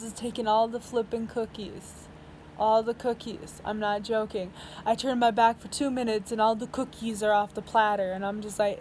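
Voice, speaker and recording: A woman's voice: fairly high pitch, a little mellow, slight background noise, rough recording. A woman in her twenties telling a story in a casual vlog, rambling, chatty, and laughing often. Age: 20s. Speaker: vlogger.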